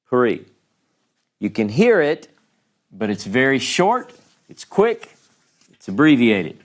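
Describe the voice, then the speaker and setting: Man, slow-paced, patient classroom teacher, explains step by step, mid-range voice. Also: medium pitch. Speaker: Hebrew teacher. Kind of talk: classroom lesson. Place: classroom with a writing board.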